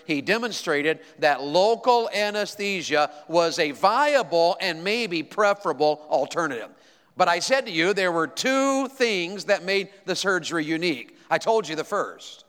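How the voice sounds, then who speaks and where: A man's voice: sits high, a bit bright, in a large hall. A man preaching a sermon, telling stories and calling out to the congregation. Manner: storytelling, addresses congregation directly. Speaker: pastor.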